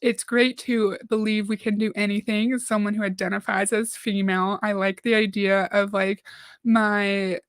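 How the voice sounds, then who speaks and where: A woman's voice: mid-range voice, flat delivery, normal speed, dry recording. A woman hosting a livestream, chatting casually, reading out viewer comments and reacting to a video.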